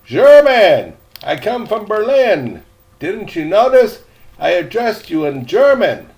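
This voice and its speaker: An older man voicing a cheerful young German girl with a soft, lilting voice in a storybook reading. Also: high-pitched, expressive, slow pace, pitched above the performer's own voice, exaggerated voice. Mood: impatient.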